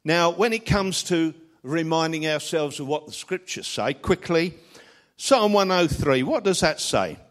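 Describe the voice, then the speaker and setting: Middle-aged preacher delivering a sermon. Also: male voice, measured pace. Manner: animated, rising to loud scripture recitation then dropping low for a story.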